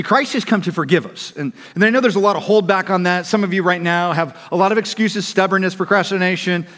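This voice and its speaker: A man with a somewhat high voice preaches a sermon in a church auditorium. He is emphatic, rising to loud appeals and falling to soft, hushed pleas. Long reverb from the large hall trails his words. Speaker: pastor.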